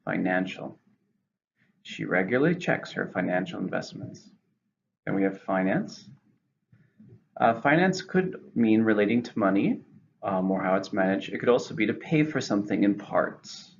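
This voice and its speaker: Brief: male English teacher, deep gravelly voice, careful slow delivery, lo-fi recording with faint hiss. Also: expressive. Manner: slow, careful enunciation of words. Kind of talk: vocabulary lesson. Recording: lo-fi with faint noise.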